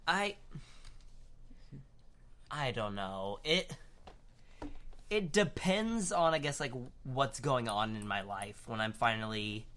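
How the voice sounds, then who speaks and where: A man's voice: medium pitch, animated, takes it slowly, long pauses, a bit bright. A young man co-hosting a podcast, chatting casually and hesitantly with lots of fillers and restarts. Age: young adult. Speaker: podcast co-host. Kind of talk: casual chat.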